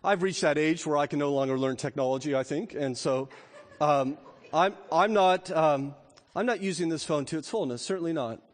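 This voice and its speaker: Male pastor, middle-aged, high voice, sermon with dramatic rises and soft asides, echoing church hall. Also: moderate pace. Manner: rising to emphatic peaks, then dropping to quiet asides. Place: church sanctuary. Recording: long reverb of a church hall.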